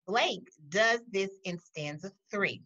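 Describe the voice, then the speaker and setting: Teacher, woman, slow deliberate classroom delivery, lively pitch, muffled recording. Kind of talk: recorded poetry lesson. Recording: dull lo-fi audio.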